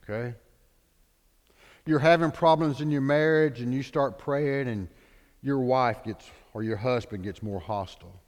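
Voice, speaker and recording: A man's voice: mid-range voice, unhurried. A man preaching a sermon, a dramatic preacher who acts out the people in his stories. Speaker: pastor. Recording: long hall reverb.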